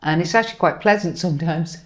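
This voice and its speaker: A woman's voice: lowish voice, quick pace. A woman co-hosting a casual chat show, telling rambling anecdotes with cheeky swearing. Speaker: co-host.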